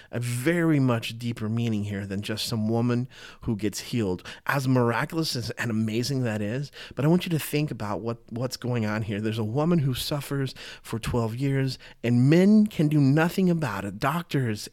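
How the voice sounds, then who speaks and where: A man's voice: medium pitch, darkish tone. A man giving a casual, earnest Bible teaching, talking conversationally and often repeating and restarting his phrases.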